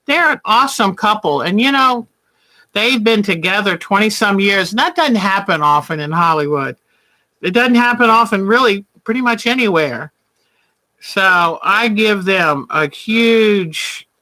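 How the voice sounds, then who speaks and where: A woman's voice: medium pitch, animated, measured pace, pushed and bright. A woman hosting a casual quilting livestream, chatty and affectionate, calling viewers honey.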